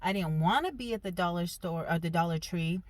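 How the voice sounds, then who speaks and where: Animated woman telling a story. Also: on the low side, fairly quick, dry recording. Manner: animated, emphatic. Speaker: vlogger. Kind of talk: casual storytelling.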